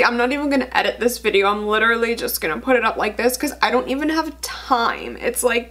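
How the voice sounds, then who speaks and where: A young woman in her twenties talking to camera in an unscripted vlog, near tears, halting and restarting often. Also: on the high side, fairly bright tone. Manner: halting, shaky, many restarts and fillers. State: on the verge of tears. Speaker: beauty vlogger.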